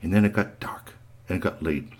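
A man telling a children's story aloud, animated, with sound effects and playful asides. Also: low voice, a little fast.

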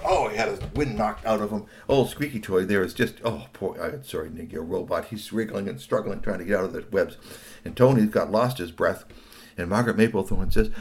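A middle-aged man narrating a children's story in an animated way, talking to young listeners. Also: lowish voice, brisk.

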